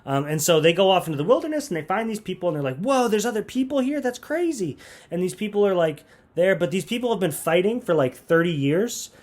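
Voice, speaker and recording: A man's voice: sits high, expressive, quick pace, few pauses. A man giving a comedic, grumpy movie review monologue with sarcastic, rambling asides. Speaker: youth ministry comedy reviewer.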